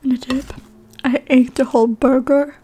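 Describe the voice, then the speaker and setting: A young woman from Sweden chats in a breathy whispered role-play between bites of food, her nose stuffed up. Her voice sits a little high and sounds dark and mellow. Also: flat delivery, moderate pace. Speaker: mukbang ASMR creator.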